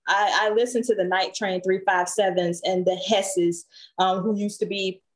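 A woman singer, a guest on a podcast, chatting casually and telling lively stories full of laughter and acted-out quotes. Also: mid-range voice, moderate pace. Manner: lively storyteller, laughs often, acts out quotes.

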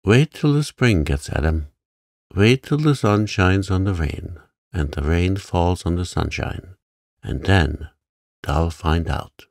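A man's voice: low voice, animated, slow, gravelly, dry recording, studio quality, exaggerated voice. A man doing a grumbling old gardener. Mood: grudging. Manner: grumbling, curt, dialect speech. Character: gruff old male Yorkshire gardener, grumbling.

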